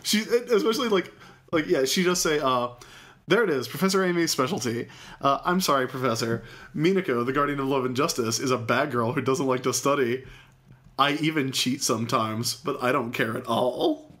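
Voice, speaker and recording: A man's voice: medium pitch, a bit bright. A man co-hosting a podcast, chatting loosely about a cartoon episode and acting out its lines for laughs. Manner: joking, rambling, quick to act out lines. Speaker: podcast co-host. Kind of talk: casual chat recapping a cartoon episode.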